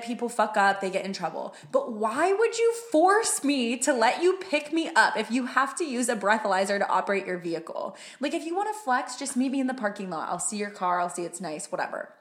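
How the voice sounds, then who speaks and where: A woman's voice: a little high, fairly bright tone. A young woman in casual chat, telling a story with lots of "like" and casual swearing. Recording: roomy echo.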